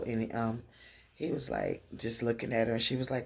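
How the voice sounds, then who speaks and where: A woman in a casual recap vlog, losing her voice, telling the story in an animated way and acting out the characters' lines. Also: rumbling low, normal speed, vocal fry. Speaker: TV recap vlogger.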